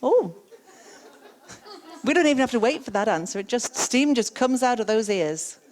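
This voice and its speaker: A woman gives an interactive keynote talk on coaching. She repeats the audience's words back to them and asks quick follow-up questions. Her delivery is conversational and lively. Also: a little high. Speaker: keynote speaker and coaching trainer. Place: conference stage.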